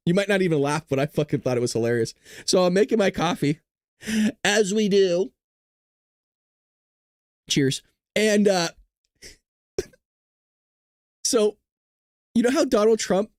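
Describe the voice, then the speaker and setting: A man's voice: sits high, a little mellow, no echo, clean studio sound. Tired, giggly, profane male host. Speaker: show host. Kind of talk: casual news commentary livestream.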